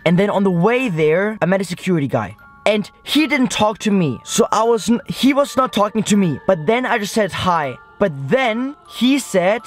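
High-voiced young man rambling excitedly. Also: normal speed, few pauses, faint music behind. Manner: rambling, breathless storytelling with many "like" and "guys". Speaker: vlogger. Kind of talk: excited vlog recap to camera. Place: inside a car at night.

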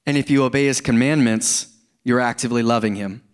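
A man's voice: medium pitch, fairly even intonation, fairly quick, smooth. A middle-aged man preaching a sermon in church, conversational and earnest, often repeating words and rising into emphasis. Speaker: pastor.

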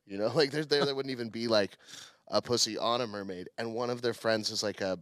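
A man's voice: mid-range voice, a little fast, no room sound. A man hosting a comedy podcast, telling a story in a casual way and acting out what others said. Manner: animated storyteller, acts out quotes.

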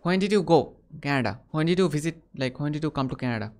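Man, Indian English accent, fairly high voice, teasing and blunt, video call chat. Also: lively intonation, fast talker. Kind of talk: casual chat with strangers.

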